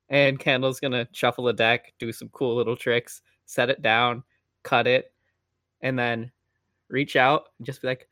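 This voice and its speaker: A man taking part in a tabletop game as a player, talking in a relaxed, playful way. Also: mid-range voice, a little slow, no room sound, studio quality.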